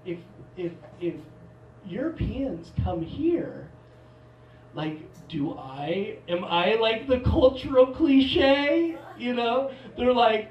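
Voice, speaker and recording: A man's voice: high-pitched, big pitch swings, takes it slowly, dull audio. A man from Portland doing a stand-up comedy set, rambling and self-mocking with many restarts. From Portland, Oregon. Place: theater stage. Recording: live theater mic, roomy, from a distance.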